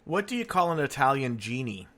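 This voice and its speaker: A man's voice: mid-range voice, big pitch swings, brisk, pushed and bright. A man hosting a podcast, telling jokes in casual chat and laughing at his own punchlines. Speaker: podcast host.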